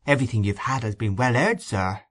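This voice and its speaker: A man voicing a kindly, fussing old housekeeper woman in a storybook reading, gentle and motherly. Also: mid-range voice, brisk, close to an everyday voice. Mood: polite, prim.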